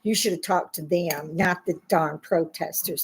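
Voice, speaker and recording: A woman's voice: sits low, fairly even intonation, unhurried, a little hiss or hum, poor audio. Indignant older woman ranting. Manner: indignant, blunt, scolding, with bursts of laughter. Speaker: YouTube commentator. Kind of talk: angry political rant.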